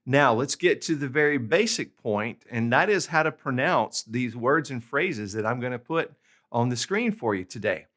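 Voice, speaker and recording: Male tutor, mid-pitched, patient explainer, steady instructional delivery. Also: normal speed. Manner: patient, repeats checks like "okay?" and "all right?". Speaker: language tutor. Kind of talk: instructional video lesson.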